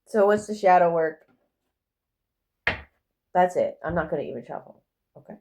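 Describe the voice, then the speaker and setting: A woman giving a casual, rambling tarot reading in a gentle, affirming way. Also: fairly low pitch, expressive, normal speed, pauses often. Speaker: tarot reader.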